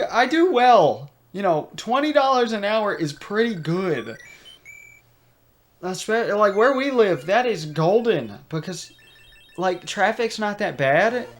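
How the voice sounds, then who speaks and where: A young man hosting a game playthrough, chatting casually and rambling off on tangents while he laughs often. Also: a little high. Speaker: let's play host. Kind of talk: gameplay commentary. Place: home room.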